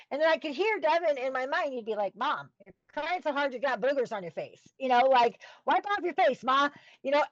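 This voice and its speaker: A middle-aged woman with a fairly high voice shares a personal story in an earnest, halting way, often pausing to find her words. The sound is dull and lo-fi, and very dry. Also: no echo. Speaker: podcast guest.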